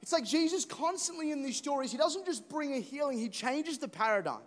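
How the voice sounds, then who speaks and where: A man preaches a lively sermon, playful and animated, acting out stories and repeating words. His voice sits very high. Long reverb fills the church hall. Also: brisk. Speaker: pastor.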